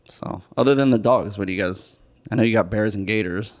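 A man's voice: fairly low pitch, fairly quick, creaky. A man in casual podcast chat, laid-back and slangy. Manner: laid-back, says dude and bro.

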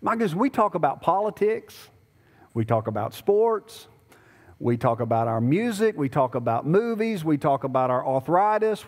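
A man preaching a sermon as pastor, conversational and then rising to emphatic pleading. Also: a little high. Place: church sanctuary. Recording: long church reverb.

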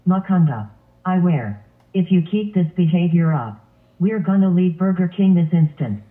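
A man voicing a stern male lion who scolds in a flat, stiff way. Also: sits high, moderate pace. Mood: scolding. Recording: tinny phone-like sound.

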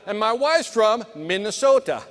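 High-pitched motivational man in a big hall. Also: very animated, normal speed, a bit bright. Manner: punchy motivational delivery, talks to the crowd. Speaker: keynote sales speaker. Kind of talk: live conference keynote. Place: large conference hall. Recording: long hall reverb.

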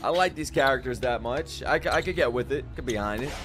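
A young man reacting to an anime episode, excitable and profane, often shouting and laughing. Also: medium pitch, fast talker, music in the background. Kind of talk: live reaction commentary. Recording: anime audio playing loudly behind.

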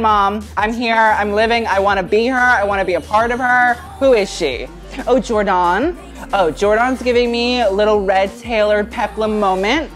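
A woman from the UK giving chatty, sassy fashion reaction commentary as a vlogger. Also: mid-range voice. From United Kingdom.

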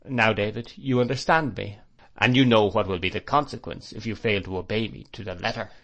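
A man's voice: on the low side, fairly even intonation, a little fast, close to an everyday voice. A stern, cold stepfather, read by a male narrator. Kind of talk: audiobook character reading.

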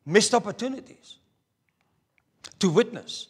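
Slow, earnest preacher man. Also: a little high, animated. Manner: earnest, swings from raised emphasis to hushed near-whispers. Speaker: pastor. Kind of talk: sermon. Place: church pulpit.

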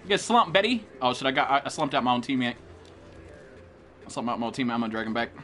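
Hyped, bright-voiced American gamer guy. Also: mid-range voice, fairly even intonation, rapid-fire, faint music behind. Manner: profane, hyped trash talk. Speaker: game streamer. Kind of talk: live gameplay commentary.

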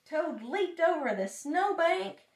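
An older woman, a grandmother, reading a storybook aloud to a child in a lively, animated way. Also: extremely high pitch, slow pace. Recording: roomy echo, mic at a distance.

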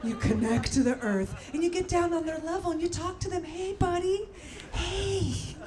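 A middle-aged woman from the former Soviet Union doing a stand-up set, brash and shouting her punchlines with mock-gentle asides. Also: high-pitched, animated, brisk. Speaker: stand-up comedian. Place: comedy venue with live audience. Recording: loud crowd and room noise. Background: audience laughter.

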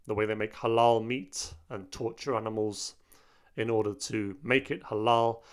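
A man hosting an opinion commentary video, speaking in an indignant, emphatic way. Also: medium pitch. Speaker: host.

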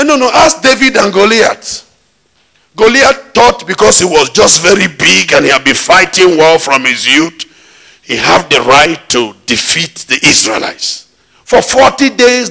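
High, gravelly preacher shouting a sermon. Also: male voice, lively intonation, measured pace. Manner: emphatic preaching with call-and-response questions. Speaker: pastor. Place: church.

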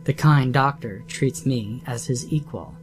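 A man voicing a cold, fanatical artificial male creature who speaks slowly and with disdain. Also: medium pitch, soft background music, pitched above the performer's own voice, natural voice. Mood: defiant.

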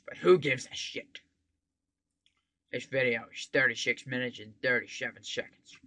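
A man giving casual, profane game commentary, swinging into sudden loud outbursts. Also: mid-range voice, a little slow, no room sound. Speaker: gameplay commentator.

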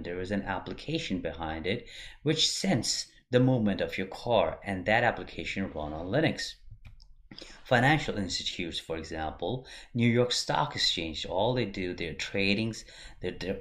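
A man teaching an online course, talking through his slides in a plain, steady way with frequent fillers and restarts. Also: low voice, normal speed. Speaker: course instructor. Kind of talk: lecture over slides.

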